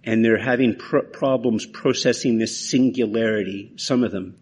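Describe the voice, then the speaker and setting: A man's voice: fairly low pitch, normal speed, a little mellow, slight background noise. A man preaching a sermon in an earnest, conversational way, often restarting his phrases. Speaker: pastor.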